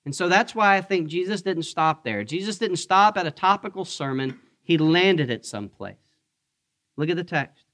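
A male pastor with a slightly higher-than-average voice delivers a sermon in a church, talking with his congregation rather than at them. He keeps throwing questions to the listeners and slips in jokes along the way. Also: expressive, normal speed, fairly bright tone. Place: church sanctuary.

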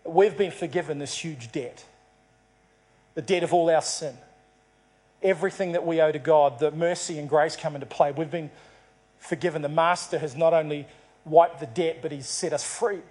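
A man's voice: on the high side, fairly even intonation, moderate pace, darkish tone, slightly rough. A man preaching a sermon to a congregation, telling a story and acting out its dialogue. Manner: storytelling, acts out dialogue in the parable. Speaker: pastor.

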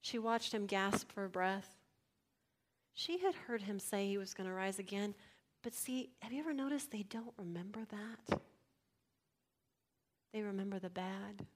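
Speaking at a measured pace with long pauses, a medium-pitched woman delivers a sermon in a conversational style. She questions her audience directly, shifting from loud, emphatic moments to near-whispers.

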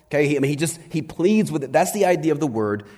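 A man preaching a sermon as pastor, animated, swinging between loud bursts and hushed lines and asking his listeners questions. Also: a little high, fast talker. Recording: long hall reverb.

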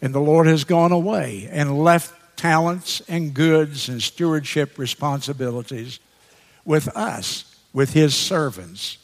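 Slow, deliberate preacher in a reverberant hall. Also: male voice, a little high. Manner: slow, deliberate, emphatic repetition. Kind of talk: sermon expounding scripture.

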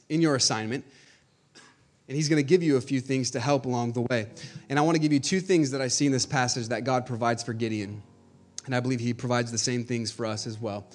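A male pastor preaching a sermon, moving from quiet teaching to loud, urgent exhortation and calling out "hey" to the congregation. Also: mid-range voice.

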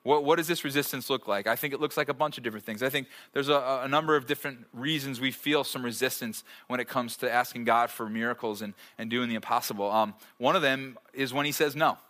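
A man's voice: medium pitch, quick pace, few pauses, sharp tone. A man in his thirties, a pastor preaching to a live church audience in a conversational way, with frequent rhetorical checks and joking asides. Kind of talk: sermon.

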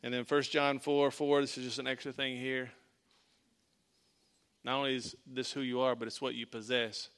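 A man preaching a sermon as a pastor, emphatic, repeating lines and dropping to a hush for weight. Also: medium pitch, smooth.

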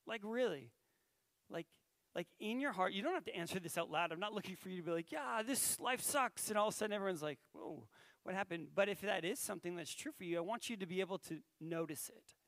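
Male pastor, high voice, dry close sound, chatty storytelling sermon. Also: fairly bright tone, no echo. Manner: conversational, storytelling, asks the audience questions.

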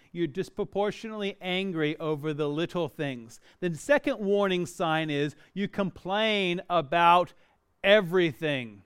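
Middle-aged pastor guy preaching, high voice, smooth and resonant, jokes about himself. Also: a bit bright. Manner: earnest, dynamic preaching with self-deprecating humor. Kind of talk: sermon.

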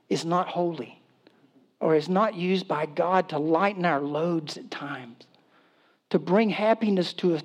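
A man preaching a sermon in a casual, humorous storytelling way, acting out voices and laughing as he goes. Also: high voice. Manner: acts out voices in quotes, animated. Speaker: pastor.

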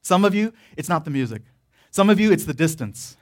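A man's voice: on the high side, big pitch swings, brisk. A man preaching a sermon in a casual, rambling storytelling way, full of fillers and breaking into laughter. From Korean church background. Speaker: pastor.

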